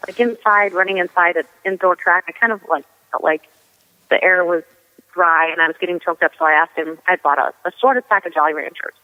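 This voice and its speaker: Chatty woman guest, quick delivery, tinny phone-line sound. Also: lowish voice, fairly even intonation, long reverb tail. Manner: chatty, lots of "like" and "you know". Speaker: guest ultrarunner. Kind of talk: casual storytelling.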